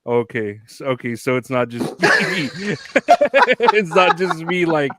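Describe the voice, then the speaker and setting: A man's voice: a little high, lively intonation, measured pace, sharp tone, dry recording. Laid-back man laughing through wrestling chat. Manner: laughs often, loose and rambling. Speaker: podcast co-host. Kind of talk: casual chat.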